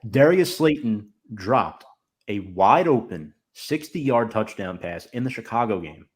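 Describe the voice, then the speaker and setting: A man's voice: lowish voice, lively intonation, measured pace, breathy edge. A man hosting a casual podcast, reading out viewer comments and giving firm opinions. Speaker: podcast host.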